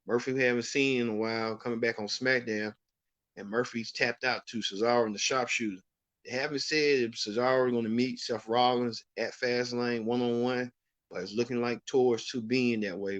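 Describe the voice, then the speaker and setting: A man's voice: mid-range voice, dry recording, dull audio. Opinionated man recapping wrestling. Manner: rambling, opinionated, frequent restarts. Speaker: host.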